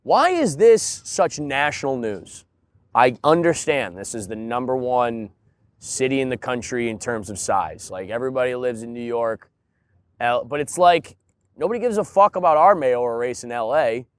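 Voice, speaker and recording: A man in casual podcast chat, ranting in an animated way and leaning on filler words. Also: mid-range voice, normal speed. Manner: animated, ranting, heavy use of "like" and "dude". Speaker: podcast co-host.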